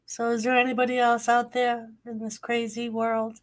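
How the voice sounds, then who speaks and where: A woman's voice: on the high side, completely flat delivery, moderate pace, few pauses, recorded from a distance. A woman, chatting casually on a late-night livestream and greeting viewers by name. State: stuffy nose. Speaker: channel host. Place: home at night.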